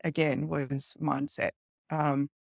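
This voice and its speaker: A woman's voice: sits low, slow pace, creaky, no room sound, studio quality. A woman, a guest police detective, telling a story in casual talk and acting out the voices of the people in it. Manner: animated retelling, acting out quoted voices with laughs.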